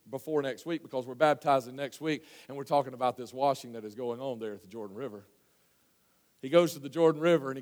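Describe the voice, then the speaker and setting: A male pastor preaching a sermon in a church, folksy and storytelling, with many restarts, swinging from hushed asides to loud emphasis. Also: mid-range voice, big-room sound. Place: church sanctuary.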